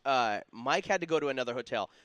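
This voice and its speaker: A man co-hosting a casual racing talk show, excited, often stumbling and repeating his words. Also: medium pitch, fast, no room sound. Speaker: co-host. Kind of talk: casual storytelling chat.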